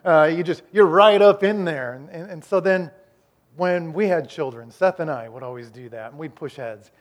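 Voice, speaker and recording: A man preaching a sermon as the pastor, swinging between loud emphasis and quiet, slowed-down lines, often repeating and restarting words. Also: on the high side. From Iowa, United States.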